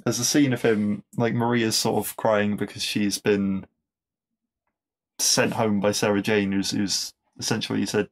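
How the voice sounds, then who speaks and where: Gravelly man rambling on a podcast. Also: lowish voice, flat delivery, measured pace. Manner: rambling and enthusiastic, many fillers and restarts; laughs at his own jokes. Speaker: podcast host. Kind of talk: casual episode review.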